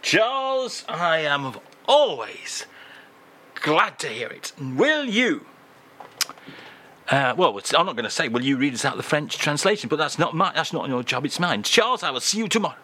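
A man hosting a comic radio feature, playful and mock-grand, easily excited. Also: a little high, unhurried. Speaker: radio host.

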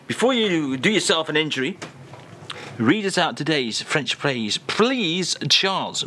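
A man's voice: on the high side, sing-song, normal speed, pushed and bright, slight background noise. A man hosting a comic radio chat in a jokey, mock-formal manner. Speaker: radio host.

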